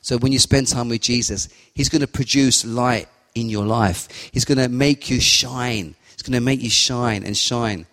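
A man's voice: mid-range voice, moderate pace, few pauses, fairly bright tone. A man giving a fervent, repetitive sermon and spoken prayer. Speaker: lay preacher. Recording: long hall reverb.

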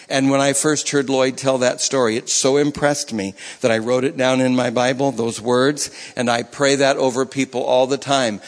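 A man's voice: mid-range voice, moderate pace. Guy preaching in a church, loose and chatty, lots of restarts, big echoey hall. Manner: conversational, repeats and restarts phrases. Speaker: pastor. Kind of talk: sermon.

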